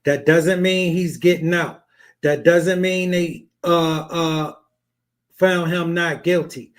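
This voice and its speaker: A man's voice: a little high, steady tone, slow pace. A man hosting a podcast, casually explaining a case to his listeners and addressing them as fellas. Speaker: podcast host. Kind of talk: commentary on a played clip.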